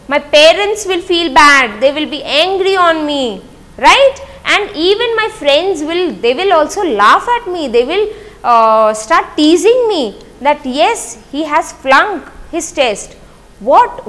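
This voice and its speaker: A woman's voice: sits high, a bit bright, long reverb tail. A woman teacher explaining a poem to her class, asking questions and answering them herself with lots of repetition.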